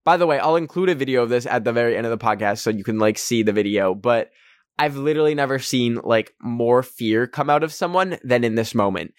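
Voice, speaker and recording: Animated young man telling a story. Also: medium pitch, fairly quick, no room sound, studio quality. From Canada. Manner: animated, heavy use of "like", acts out quotes in raised voices. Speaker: podcast host. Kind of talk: casual storytelling.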